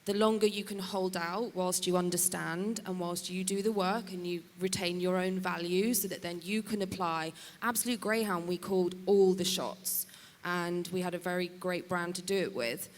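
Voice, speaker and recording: A woman's voice: fairly low pitch, normal speed. A woman artist manager speaking frankly and emphatically on a conference panel. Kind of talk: panel discussion. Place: conference stage in a large hall. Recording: hall reverb, faint noise.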